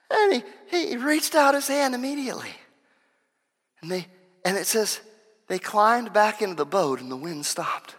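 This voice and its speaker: A man preaching a sermon in an animated way, stumbling over restarts and acting out the quotes he tells. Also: sits high, unhurried, long pauses. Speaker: pastor. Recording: long reverb of a large hall.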